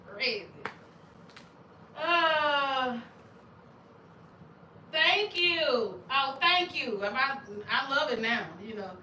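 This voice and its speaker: Lively woman, bright roomy sound. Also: fairly high pitch, slight background noise. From Arkansas, USA. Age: middle-aged. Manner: animated, laughs often, loud exclamations. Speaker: channel host. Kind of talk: casual livestream chat. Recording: roomy sound, distant from mic.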